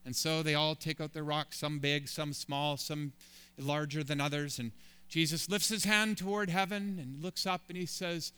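A man's voice: fairly high pitch, fairly even intonation, normal speed, pushed and bright, clean tone. A man preaching a sermon as a pastor, building emphatic, rising lists of phrases.

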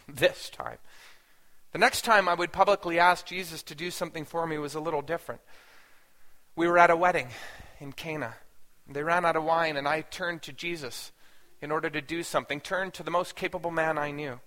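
A man voicing a wounded but faithful mother speaks in an earnest first-person sermon monologue, his voice high and forceful. He tells her story with deep feeling and builds into anguished pleas. A long reverb from a big hall hangs on every word. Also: steady tone, moderate pace. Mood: wounded, reflective. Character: grieving mother, bewildered yet faithful woman.

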